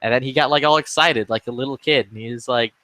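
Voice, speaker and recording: A man's voice: medium pitch, fast, sharp tone, no room sound. A man chatting casually in a game lobby, telling a rambling story with lots of swearing and acted-out quotes. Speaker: gaming streamer.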